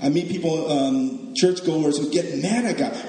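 A man's voice: a little high, unhurried, mellow. A man giving a sermon in a casual, joking way, often checking in with the listeners with "right?". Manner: conversational and joking, tags lines with "right?". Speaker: preacher. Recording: echoey hall with long reverb.

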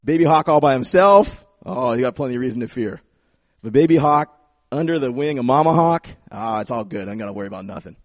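Animated man preaching a sermon. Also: medium pitch, fast, no echo, studio quality. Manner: animated, acts out quoted voices, repeats phrases for emphasis. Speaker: pastor.

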